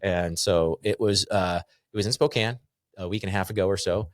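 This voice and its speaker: A man's voice: deep voice, brisk, no room sound, clean studio sound. A middle-aged man from North Idaho, a guest speaker telling stories in a casual podcast chat, laughing often and acting out dialogue. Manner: animated storyteller, laughs often, acts out dialogue.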